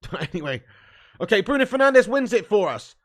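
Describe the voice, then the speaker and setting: A man with a fairly high voice runs a live football watch-along, calling the play and chatting with viewers. He swings between relaxed banter and loud excited cheering, swearing freely as the match unfolds. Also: normal speed. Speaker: fan watch-along host.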